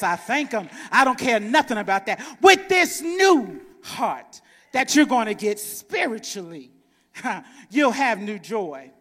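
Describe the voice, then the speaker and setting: A man preaching a sermon in a church, swinging between shouted exhortation and soft chuckling asides. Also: extremely high pitch, big pitch swings, slow. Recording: reverberant church hall.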